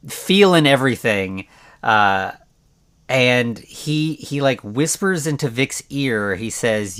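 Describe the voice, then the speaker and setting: A man's voice: medium pitch, a bit bright. A man hosting a podcast alone, recapping a film in a rambling, conversational way, with lots of "like" and restarts. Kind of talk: casual solo movie recap.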